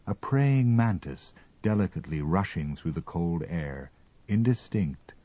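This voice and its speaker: Deep, husky male storyteller. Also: no echo, dull audio. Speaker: narrator. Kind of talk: audiobook reading.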